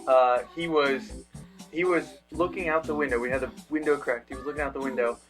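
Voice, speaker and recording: A man's voice: mid-range voice, steady tone, fairly quick, soft background music. A man co-hosting a review show in casual, easygoing chat.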